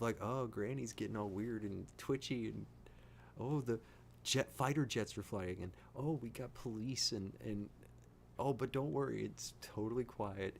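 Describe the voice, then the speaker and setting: A man hosting a casual reaction video, giddy, excitable and jokey as he comments on a TV episode. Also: on the low side, normal speed, creaky, a little hiss or hum.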